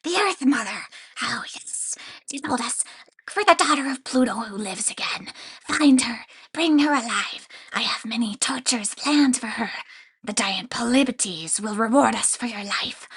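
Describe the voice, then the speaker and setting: A woman voicing an excitable, cruel male grain spirit in an audiobook, pitched a little high and breathy. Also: unhurried, exaggerated voice. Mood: gleeful.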